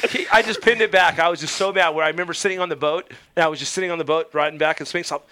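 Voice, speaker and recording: A man's voice: on the high side, racing. A man hosting a casual chat with old friends, telling stories with lots of swearing and acted-out quotes. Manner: animated, swears freely, acts out quotes. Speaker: show host. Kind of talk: casual storytelling among friends.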